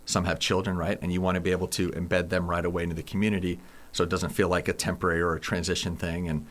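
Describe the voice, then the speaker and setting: A man in his forties, a base commander, answering interview questions in a plain, measured way with some restarts. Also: low voice, flat delivery. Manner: plain, measured, repeats words. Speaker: air force base commander.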